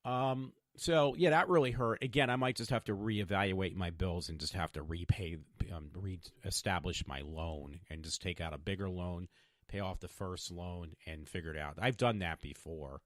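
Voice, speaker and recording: A man's voice: sits low, normal speed, no room sound, studio quality. A man in his fifties talking in a meandering, stop-start way with many fillers, hosting his own podcast. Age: 50s. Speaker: podcast host. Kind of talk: rambling personal vlog.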